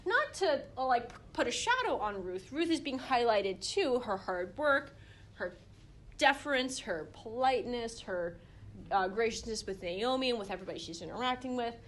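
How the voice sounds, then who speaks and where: A young woman with a slightly high voice leads a relaxed Bible study. She talks in a chatty, animated way, full of fillers and restarts, and acts out the quotes as she goes. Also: moderate pace. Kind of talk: casual Bible study teaching.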